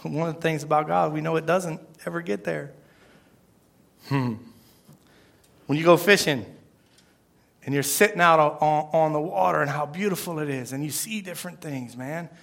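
A man's voice: on the high side, moderate pace, gravelly, pauses often, fairly bright tone. Emphatic preacher man. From Florida. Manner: emphatic, repeats phrases, asks the crowd "right?". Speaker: pastor. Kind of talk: sermon.

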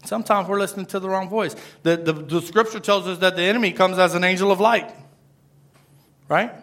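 A man's voice: sits high, a little fast, fairly bright tone. A man preaching a sermon, emphatic and repeating his phrases. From Florida. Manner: emphatic, repeats phrases, asks the crowd "right?". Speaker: pastor.

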